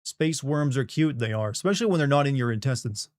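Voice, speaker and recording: A man's voice: mid-range voice, animated, quick pace, darkish tone, dry recording, studio quality. A middle-aged man from the Southern United States chatting casually on a live stream, rambling, joking and reading chat aloud.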